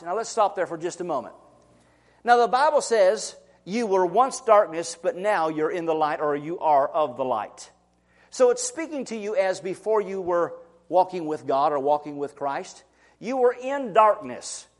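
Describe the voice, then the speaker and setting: A man in his thirties, a pastor preaching a sermon in church, folksy and lively, with laughs, stammers and calls to the congregation. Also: high voice, moderate pace.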